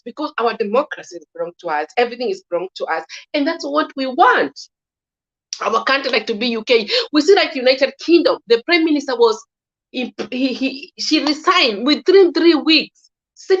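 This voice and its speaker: Woman, Kenyan accent, fairly high voice, halting with frequent restarts, dull lo-fi recording. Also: animated. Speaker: guest commentator. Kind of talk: casual political opinion talk.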